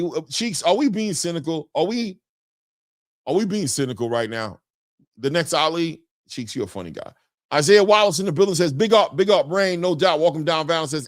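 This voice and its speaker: A man hosting a boxing live stream in casual chat, reading viewer comments aloud and often ending his lines with "man". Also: no room sound. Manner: animated, jumps in pitch when greeting viewers. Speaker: boxing show host.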